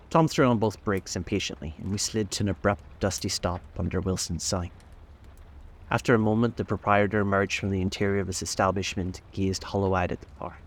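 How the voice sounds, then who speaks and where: A man narrating a classic novel aloud in a steady, measured way. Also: sits low. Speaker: audiobook narrator.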